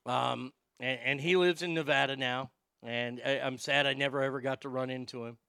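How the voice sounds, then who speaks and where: A man hosting his own podcast, reading listener mail in a profane, excitable, rambling way. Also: medium pitch, normal speed, smooth, no room sound, clean studio sound. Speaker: podcast host.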